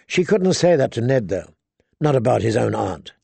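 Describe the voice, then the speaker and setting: A man narrating a fantasy novel aloud at a measured, even pace. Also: medium pitch, vocal fry, husky, no room sound. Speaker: audiobook narrator.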